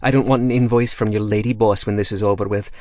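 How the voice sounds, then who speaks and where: A man voicing a gruff, foul-mouthed male dwarf crime boss with a put-on Scottish brogue, slow and mocking. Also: on the low side, steady tone, no room sound, studio quality, natural voice. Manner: profane, menacing, jovial.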